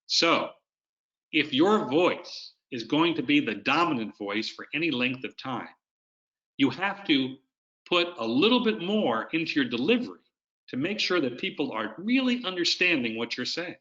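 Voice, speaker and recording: Webinar presenter, man, bright and forceful tone, coaching style, dull lo-fi video-call sound. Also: fairly high pitch, big pitch swings, moderate pace. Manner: coaching, explains with demonstrations. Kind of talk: instructional webinar talk.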